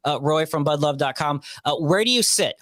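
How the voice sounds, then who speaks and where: A man hosting a casual podcast, joking and building emphatic playful rants. His voice sits a touch high and sounds dry and close, with no room around it. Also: brisk, fairly bright tone, no room sound. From Northeast Ohio. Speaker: podcast host.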